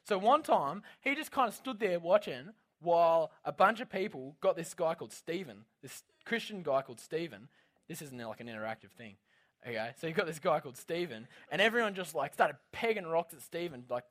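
A young man giving a casual, animated youth talk as a youth leader. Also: on the high side, fairly quick. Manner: casual storytelling, lively and animated.

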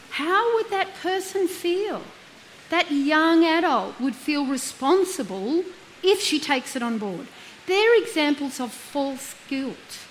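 A woman's voice: sits high, a little hiss or hum, rough recording. A middle-aged woman, a counsellor giving an earnest talk that leans on rhetorical questions and everyday examples. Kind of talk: reflective talk on guilt.

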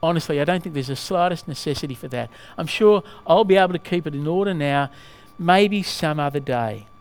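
A man's voice: a little high, animated, fairly quick. Man doing a whining, panicky ghost. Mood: evasive. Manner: pleading, panicky, protesting. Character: whining male ghost clinging to his sin.

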